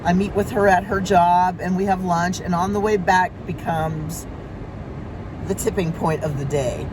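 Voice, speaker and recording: A woman vlogger telling a story about her day in an animated, exasperated way. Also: lowish voice, unhurried. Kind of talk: storytime monologue. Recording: steady traffic noise behind.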